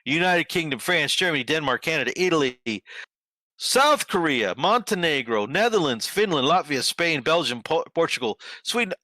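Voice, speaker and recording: A man's voice: on the high side, sing-song, moderate pace, pushed and bright, dry recording. A man hosting a political commentary show, talking sarcastically and emphatically over news clips.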